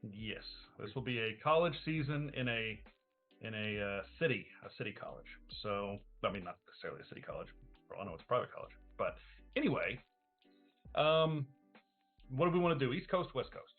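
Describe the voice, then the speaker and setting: A man's voice: fairly low pitch, a little fast, soft background music. Easygoing man running a game, tinny line. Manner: easygoing, asks the table questions. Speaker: game master. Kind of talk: casual tabletop game planning. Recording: tinny, phone-like stream audio.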